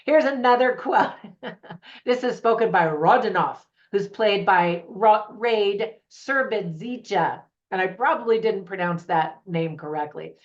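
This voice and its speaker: A woman's voice: mid-range voice, a little slow. A woman hosting her own movie review channel, chatting to camera with opinionated, laughing asides. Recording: slightly dull lo-fi audio.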